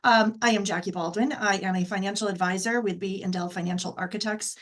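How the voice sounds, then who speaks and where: A woman's voice: mid-range voice, fairly even intonation, quick pace. A woman guest on a video call, a financial advisor who stumbles and repeats herself when she starts talking.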